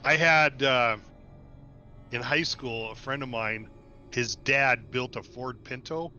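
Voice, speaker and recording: A man's voice: mid-range voice, slow, pushed and bright, muffled recording, soft background music. A man hosting a game stream, chatting casually, laughing often and repeating himself. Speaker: stream host. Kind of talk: casual chat while gaming.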